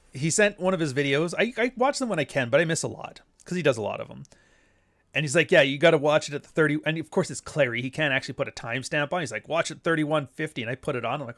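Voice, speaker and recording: A middle-aged man with a Canadian accent and a nasal voice, talking bluntly and crudely in a casual podcast monologue. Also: fairly bright tone. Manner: blunt, crude and sardonic, with sudden high-pitched outbursts. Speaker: podcast host.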